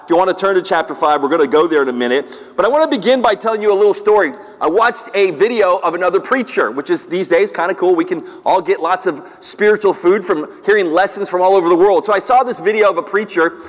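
A middle-aged man delivers a sermon in a fairly high voice. He tells stories, acts out the voices in them and restarts his sentences often. The sound rings with the long reverb of a large hall. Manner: storytelling, acts out quoted voices, pauses and restarts. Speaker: pastor.

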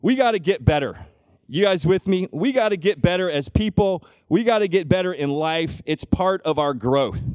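A middle-aged man preaching a sermon, conversational, often checking in with the congregation with "right?" and dropping to a hush for personal stories. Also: expressive, normal speed, clear, resonant tone, no echo, studio quality. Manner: drops to a hushed low voice when telling personal moments. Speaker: pastor.

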